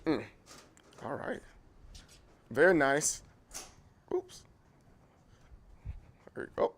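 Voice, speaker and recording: A man hosts a casual livestream from his home kitchen, walking with a handheld camera and rambling chattily straight to his viewers. His voice is on the high side and a bit bright, swooping wildly in pitch at an extremely slow pace, over a little hiss or hum.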